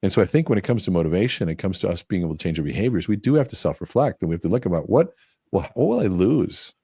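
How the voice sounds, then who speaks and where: Fast-talking low-voiced man. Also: slightly rough, dry recording, clean studio sound. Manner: animated storyteller acting out quotes. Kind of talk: conversational interview.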